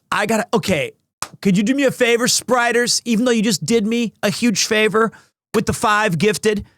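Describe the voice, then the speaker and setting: High-voiced rambling male streamer. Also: dry recording, clean studio sound. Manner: rambling, excitable, self-deprecating. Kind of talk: casual live-stream chat.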